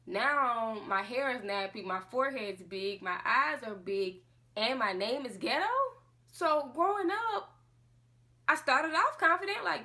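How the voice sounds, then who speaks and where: A woman's voice: fairly high pitch, unhurried, sharp tone. A woman vlogging a casual monologue to camera, speaking with passion and firing off rhetorical questions. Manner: impassioned, full of rhetorical questions.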